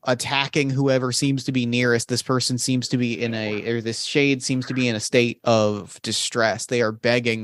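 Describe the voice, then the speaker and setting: A man narrating a tabletop game as game master, in a halting way, often restarting his sentences. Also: mid-range voice, a bit bright, dry recording, clean studio sound. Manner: halting, full of restarts and fillers.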